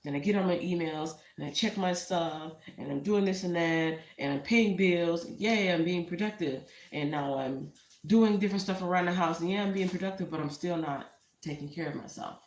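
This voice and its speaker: A woman's voice: on the low side, brisk, a little mellow. A woman with a Texan accent chatting casually and rambling to live viewers about her small online business, speaking into a tablet on a shelf at home. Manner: chatty, rambling, talks to viewers and her cat between thoughts. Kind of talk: casual live-stream chat. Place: home room. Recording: echoey room on a tablet mic.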